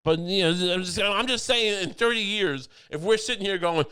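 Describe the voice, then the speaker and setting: A young male podcast host riffing in a loose, rambling comedic monologue and restarting his sentences as he goes. His voice sits a little high for a man and sounds smooth and clear. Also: moderate pace, few pauses, sharp tone. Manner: rambling, many restarts, mock-conspiratorial.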